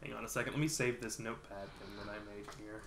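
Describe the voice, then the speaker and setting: A man's voice: lowish voice, very fast, gravelly, fairly bright tone, slight background noise. A man running a tabletop game as game master, narrating loosely, with fillers and frequent laughter. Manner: laughs often, rambling with fillers.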